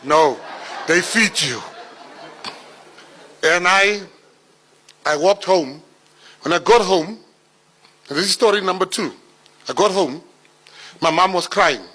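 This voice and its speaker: A South African man in his forties, telling life stories to an audience in an animated way, building to laughing punchlines. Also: sits high, slow pace, long pauses, low-quality recording. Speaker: public speaker. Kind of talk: storytelling talk.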